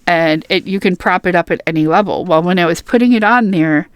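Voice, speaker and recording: A woman's voice: on the low side, a little fast, smooth, no room sound. A young woman reading game patch notes aloud and rambling between them in casual, chatty commentary full of fillers and restarts. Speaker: gaming YouTuber.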